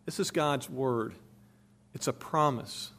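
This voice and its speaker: A man's voice: mid-range voice, slow pace, fairly bright tone. A man preaching a sermon, expounding a passage with emphatic stress, his volume rising and falling.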